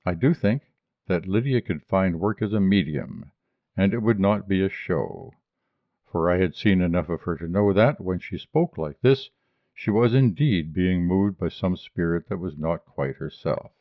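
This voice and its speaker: Deep slow male storybook narrator. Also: animated, dry recording, lo-fi sound. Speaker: audiobook reader. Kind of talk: scripted narration of a short story.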